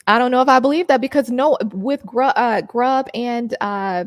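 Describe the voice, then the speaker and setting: A woman hosting a college football talk show, her voice sitting a little high for a woman. She rants with passion and fills her talk with "you know" and restarts. The sound is close and dry, with no room around it. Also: moderate pace, dry recording. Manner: passionate ranting, many "you know" fillers. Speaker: podcast host.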